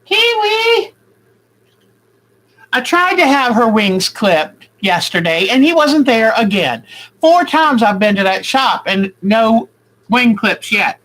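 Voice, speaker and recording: A woman's voice: mid-range voice, lively intonation, measured pace, rough recording. A woman at home showing her quilting work in a casual, rambling way, thinking aloud as she goes. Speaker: quilting vlogger. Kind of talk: casual craft demonstration.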